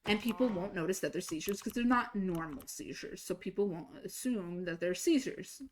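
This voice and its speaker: A young woman streaming a game, casually telling a story, swinging between exasperated, swearing outbursts and quiet asides. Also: mid-range voice, moderate pace, slight background noise. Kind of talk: casual storytelling while gaming.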